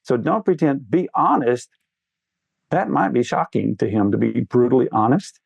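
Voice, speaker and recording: Earnest fatherly man with a gravelly voice. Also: medium pitch, lively intonation, moderate pace, a little mellow, dry recording, muffled recording. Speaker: guest. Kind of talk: candid interview talk.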